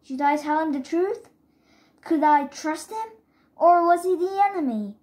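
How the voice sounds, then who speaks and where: A woman reading a children's chapter book aloud in careful, steady first-person narration. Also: extremely high pitch, measured pace. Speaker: reader.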